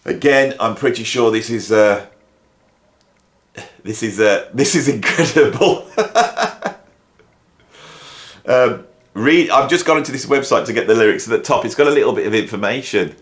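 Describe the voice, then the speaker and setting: A middle-aged man from the English Midlands, a YouTube host and music educator, speaks at medium pitch and normal speed with long pauses. His casual music commentary is wry, rambling, and mock-exasperated.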